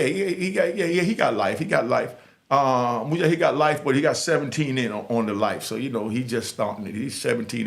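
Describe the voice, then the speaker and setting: A man from Harlem with a New York accent, talking straight to the camera in a casual, emphatic and streetwise way as he gives advice to young people. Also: medium pitch. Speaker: YouTuber giving advice to youth. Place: indoors in front of a green screen.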